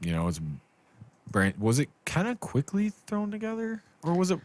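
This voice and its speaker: A man's voice: sits high, wildly swooping pitch, moderate pace, a little mellow. A man hosting a casual podcast chat, loose and joking, swearing freely. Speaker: podcast host.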